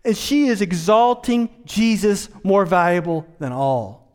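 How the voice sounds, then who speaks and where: A man delivering a sermon as a pastor, dropping to quiet asides and rising to loud, emphatic points. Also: very animated, a little slow, clear, resonant tone, in a large hall. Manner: swells from low, quiet asides to high, emphatic preaching.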